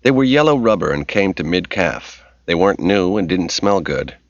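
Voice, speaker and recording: A man narrating an audiobook in a steady, measured reading voice. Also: deep voice, no echo. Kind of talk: scripted narration. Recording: dull lo-fi recording.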